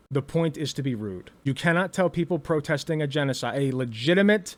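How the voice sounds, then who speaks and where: A man's voice: a little high, expressive, brisk, hardly any pauses. A man giving blunt, heated commentary, swearing freely and stumbling over restarts when worked up. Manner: blunt, profane and emphatic. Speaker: political commentator.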